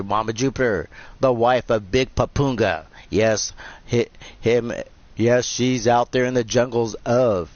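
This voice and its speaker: A man's voice: lowish voice, highs cut off. A man hosting a live-streamed wrestling video game, commentating in a rambling, jokey, off-the-cuff way. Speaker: host and commentator.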